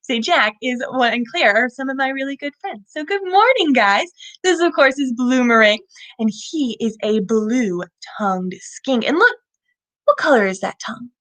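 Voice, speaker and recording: A woman hosting a live children's animal show, animated and asking young viewers questions as she presents a lizard. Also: high-pitched, moderate pace.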